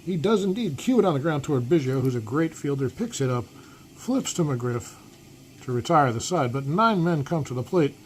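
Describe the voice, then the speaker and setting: A man's voice: a little high, lively intonation, moderate pace, low-quality recording. Guy doing play-by-play for a tabletop baseball replay, radio announcer style, stops to check dice rolls, ac humming behind him. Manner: broadcaster-style calls mixed with asides about dice rolls. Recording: air-conditioning hum in the background.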